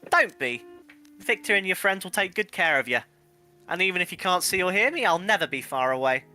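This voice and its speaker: Give me a man playing a sheepish young male ghost in a tabletop game, apologetic and tender, raised high and bright. Quiet music plays behind. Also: animated, fairly quick, exaggerated voice. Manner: earnest, a little sheepish.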